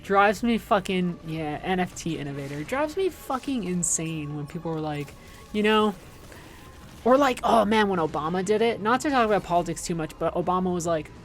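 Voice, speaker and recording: A woman's voice: fairly low pitch, expressive, normal speed. A woman in her thirties chatting casually on a gaming livestream, ranting sarcastically and swearing, with frequent restarts. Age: 30s. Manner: rambling, profane, sarcastic rants with restarts. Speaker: streamer.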